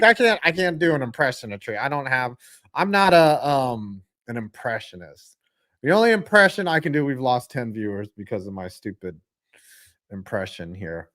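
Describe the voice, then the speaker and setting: A young man hosting a live football reaction stream, ranting with lots of swearing and calling plays with sudden bursts of excitement. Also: mid-range voice, moderate pace. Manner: profane, ranting, jumps into excited play calls.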